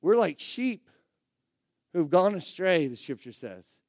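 A male pastor preaches in a high-pitched voice, talking to his congregation like a friend. He swings between loud emphatic bursts and quiet asides. The sound is dry and close, with no room echo. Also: very animated, slow. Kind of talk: sermon.

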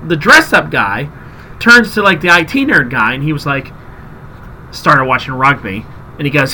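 Guy hosting a podcast, tells stories all animated, pitch jumps around a lot. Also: moderate pace, a little hiss or hum, rough recording. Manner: animated storyteller, acts out quotes. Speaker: podcast host. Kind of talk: casual chat, storytelling.

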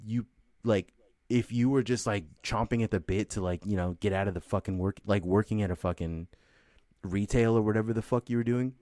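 A man's voice: lowish voice, brisk, mellow, no echo, clean studio sound. A young man telling a rambling, profane story in casual chat, full of "like" and swearing. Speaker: podcast co-host telling a story.

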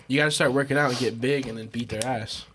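A man's voice: mid-range voice, steady tone, fast, noisy background. A young man hosting a podcast, chatting casually with crude jokes. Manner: crude joking banter, mock ASMR whispering. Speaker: podcast host. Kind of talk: casual chat.

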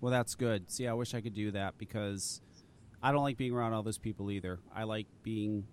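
A man's voice: lowish voice, a little fast, a little hiss or hum. A man hosting a casual talk radio show, telling stories with lots of swearing and laughter. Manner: animated storyteller, swears a lot, laughs often. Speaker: host.

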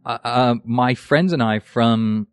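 A man tells stories about his career in a relaxed, self-deprecating way, as a guest on a podcast. His voice sits in the middle range, and the studio sound is dry with no room echo. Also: mid-range voice, slow pace, clean tone. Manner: self-deprecating, storytelling with asides. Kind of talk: casual interview chat.

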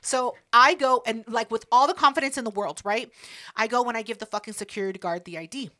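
A young woman co-hosting a podcast, telling a story in casual chat, animated and swearing freely. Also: on the high side, fast talker. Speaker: podcast co-host.

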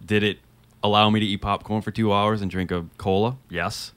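A man's voice: lowish voice, little pitch movement, brisk, fairly bright tone, clear, resonant tone, no room sound. A man guesting on a podcast, talking casually with dry, wry understatement. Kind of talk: casual chat.

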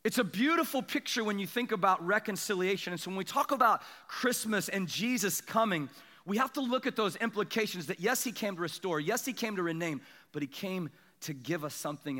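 Young guy pastor preaching, high bright voice, lots of "right?" asides, echoey church hall. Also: brisk. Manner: animated storytelling with congregation asides. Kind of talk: sermon.

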